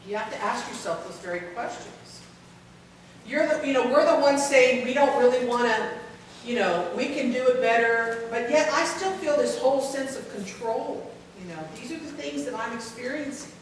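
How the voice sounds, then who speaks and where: A woman with a slightly high voice speaks at a moderate pace, giving a candid, self-deprecating talk at a caregiver symposium and joking with the audience. She's in a large conference hall, and the recording is very echoey, with her voice sounding distant and carrying a slight hiss or hum.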